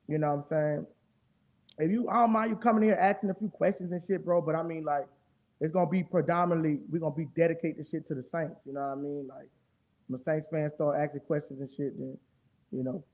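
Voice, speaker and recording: A high-voiced man with a New Orleans accent hosts a casual live stream. He rambles in a profane and heated way. His voice comes through thin and tinny, like a phone line. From New Orleans, Louisiana. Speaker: streamer host.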